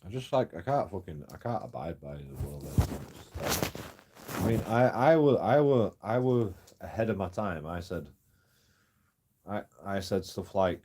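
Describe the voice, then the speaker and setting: A man's voice: low voice, animated, moderate pace, warm tone, breathy edge. A man ranting and complaining in a rambling story-time vlog, swearing often and trailing off into mumbles. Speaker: YouTube auditor vlogger.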